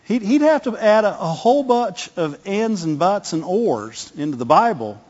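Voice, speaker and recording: A man's voice: high voice, very animated, normal speed, darkish tone. A man preaching a conversational sermon in a reverberant hall. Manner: conversational, repeats words, asks the congregation "Amen?". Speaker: pastor. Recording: long hall reverb, dull lo-fi sound.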